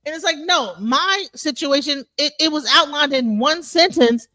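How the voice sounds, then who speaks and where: A woman with a high, bright, forceful voice argues heatedly on an open panel at normal speed, with no echo in the sound. She's emphatic and repetitive, swears freely, and addresses the other man as bro and sir.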